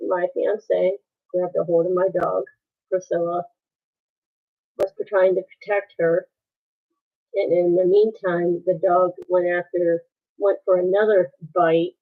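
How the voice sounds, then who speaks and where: A woman telling a painful story on a live stream, halting and pausing as she goes. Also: lowish voice, creaky. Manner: halting, with many pauses and restarts. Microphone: phone. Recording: tinny phone-like sound.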